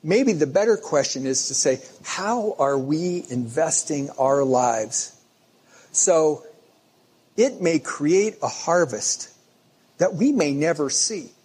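Man, pastor giving a casual storytelling sermon, husky, slightly higher voice. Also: lively intonation, slow, darkish tone. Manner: conversational storytelling preaching with restarts.

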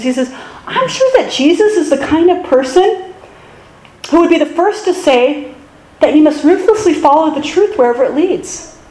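A woman pastor giving a sermon in a conversational, self-deprecating way with animated asides. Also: sits high, reverberant, rough recording.

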